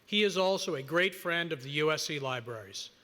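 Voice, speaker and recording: Male presenter, formal prepared introduction, bright higher voice, long hall reverb. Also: animated. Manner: measured, prepared delivery. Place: large hall at an awards ceremony.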